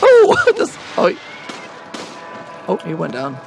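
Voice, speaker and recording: A man's voice: a little high, unhurried, gravelly, faint music behind. A young man and regular co-host, joking and laughing a lot as he plays a co-op game with a friend. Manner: goofy, laughs often, reads lines in a mock deadpan. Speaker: gaming channel co-host. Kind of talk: casual gameplay banter.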